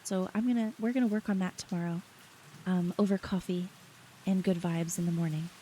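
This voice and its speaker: A young adult woman streaming late at night, chatting softly with her chat, reading their messages aloud and often laughing. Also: fairly low pitch, steady tone, a little fast, slight background noise, rough recording. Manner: soft, giggly, reads chat aloud.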